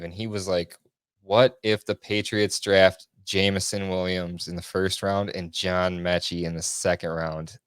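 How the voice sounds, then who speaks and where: Young male podcast host, deep and smooth, dry close mic, rambling and self-correcting casual chat. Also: no room sound.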